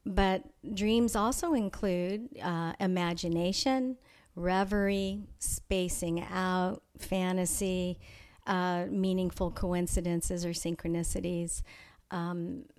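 A woman being interviewed, telling a personal story in a thoughtful, measured way with frequent pauses and restarts. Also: fairly low pitch, a little mellow. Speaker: interview guest. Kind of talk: reflective personal storytelling in conversation.

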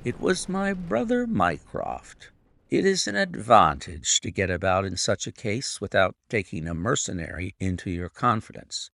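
Sherlock Holmes, read by a man, dry and brisk. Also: on the low side, sing-song, vocal fry, a bit bright, dry recording, exaggerated voice. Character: calm clever male detective in his prime.

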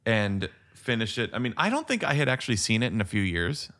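A man co-hosting a casual film chat, easygoing and agreeable, often chiming in with quick replies. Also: lowish voice, big pitch swings, a bit bright. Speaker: podcast co-host.

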